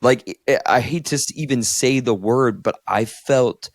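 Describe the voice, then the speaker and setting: A man's voice: mid-range voice, unhurried, no room sound, studio quality. A man in his thirties from Northeast Ohio, a therapist co-hosting a podcast, telling a personal story candidly, with many "like"s. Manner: candid, heavy use of "like", emotional storytelling. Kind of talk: casual podcast conversation.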